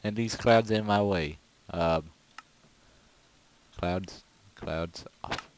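A man giving casual, rambling gameplay commentary with goofy, excitable outbursts. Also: low-pitched, takes it slowly, rough recording. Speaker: gaming video creator.

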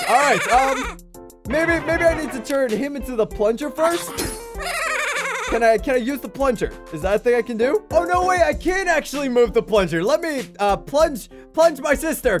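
A man doing excitable, giggly let's-play commentary, talking to his viewers as he plays. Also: extremely high pitch, moderate pace. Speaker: gaming YouTuber. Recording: game music playing behind.

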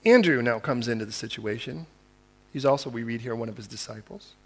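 A man, a pastor, preaching a conversational sermon, acting out the words of biblical figures and moving between quiet asides and loud, fervent appeals. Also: medium pitch, fairly quick, breathy edge.

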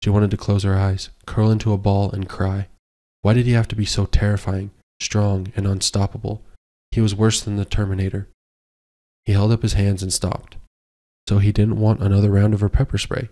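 A man narrating a romance audiobook in a measured storytelling manner. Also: on the low side, level tone, warm tone. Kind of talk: scripted narration.

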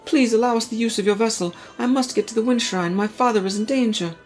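A woman's voice: on the high side, fast talker, a little mellow, faint music behind, lightly acted. A woman voicing an earnest, formal young princess. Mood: formal pleading. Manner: formal, polite, pleading.

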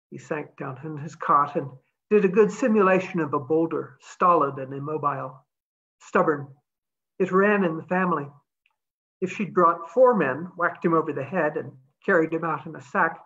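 A woman author reading her own novella aloud in a measured storytelling manner. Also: sits low, creaky, fairly bright tone, breathy edge, highs cut off.

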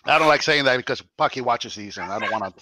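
A man's voice: medium pitch, animated, fast, bright, forceful tone, no echo. A man hosting a casual on-camera spicy chip challenge, chatting and laughing with wry understatement while his mouth burns and his eyes tear up. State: mouth burning, teary. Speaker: channel host.

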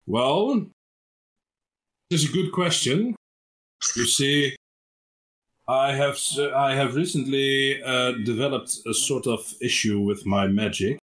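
A man's voice: mid-range voice, slow pace, long pauses, a bit bright, pitched above the performer's own voice. A man voicing a boastful sixty-year-old human archmage with a pompous, self-praising manner in an online tabletop game. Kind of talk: tabletop role-play over a video call.

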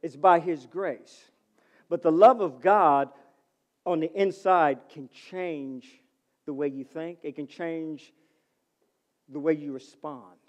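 Man, pastor, middle-aged, high-pitched, lively sermon, calls out to congregation. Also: takes it slowly, long pauses. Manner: lively preaching, swings from loud to soft.

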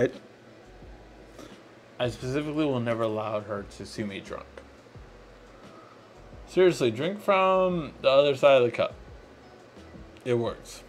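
A man's voice: mid-range voice, slight background noise. A tipsy man hosting a live tech show, slurring his words and hiccuping as he chats with viewers. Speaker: host.

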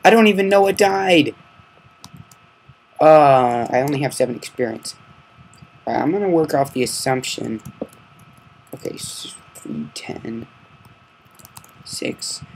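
A man giving casual commentary on his own gameplay, muttering curses under his breath and breaking into loud outbursts. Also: medium pitch, expressive, slow, creaky, long pauses, a little hiss or hum, rough recording. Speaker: gamer narrating his gameplay. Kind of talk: casual Let's Play commentary.

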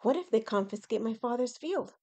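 A woman's voice: fairly high pitch, expressive, a little fast, a little mellow, husky. A woman voicing a nervous young male peasant farmer who frets and rambles. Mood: panicked. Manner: anxious, rambling, fretful.

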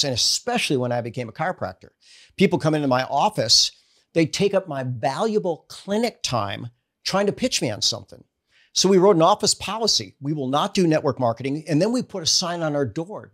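A middle-aged man, a chiropractor, telling stories in a casual interview and acting out the dialogue with sudden jumps in his voice. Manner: animated storyteller acting out dialogue with quick pitch jumps. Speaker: guest, chiropractor and network marketer.

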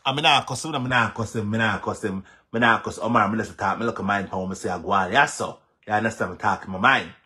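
A social media commentator with a Jamaican accent delivers heated vlog commentary, blending patois with English and repeating himself for emphasis. His voice is fairly low and sharp in tone, and he talks fast with few pauses.

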